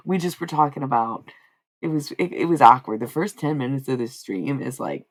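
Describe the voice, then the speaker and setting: A woman's voice: extremely low pitch, animated, normal speed. An American woman in her thirties chatting casually and wryly with her live stream chat, rambling and swearing. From United States.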